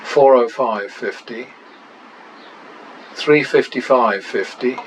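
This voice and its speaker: A man's voice: medium pitch, slow, a little hiss or hum, poor audio. A man and channel host talking through practice casino betting, muttering running tallies with wry exclamations.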